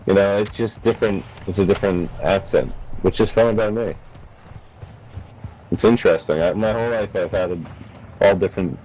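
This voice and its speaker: A man's voice: deep voice, moderate pace, a little mellow, a little hiss or hum, low-quality recording. A man with a New Jersey accent, stoned, rambling and restarting his words in casual chat while gaming on a headset. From North Jersey, USA. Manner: rambling, stumbles and restarts words, laughs often. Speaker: gamer.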